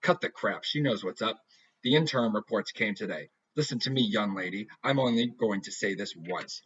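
A man voicing an angry father who barks orders forcefully. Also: fairly low pitch, moderate pace, breathy edge. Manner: barking, forceful. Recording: dull lo-fi recording.

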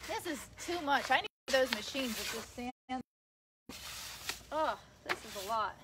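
A woman's voice: sits high, lively intonation, measured pace. Chatty young woman over sanding noise. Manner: chatty, talks to viewers and reads their comments. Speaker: livestream host. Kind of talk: casual live chat while working. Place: outdoors on grass. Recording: loud sanding noise in background.

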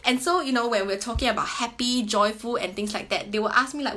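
A woman's voice: fairly high pitch, brisk, hardly any pauses, sharp tone. A woman in her thirties chatting casually to camera about reading with children, sing-song and teacher-like, often ending sentences with "right?". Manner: chatty, ends many sentences with a questioning "right?". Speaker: parent sharing reading tips. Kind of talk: casual explanatory talk to camera.

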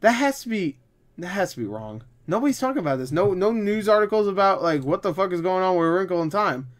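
Young male movie vlogger, running on no sleep, rambles and curses, slightly higher voice. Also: sing-song, fairly quick. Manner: rambling, swears a lot, bursts into loud disbelief. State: tired. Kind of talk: casual box office commentary.

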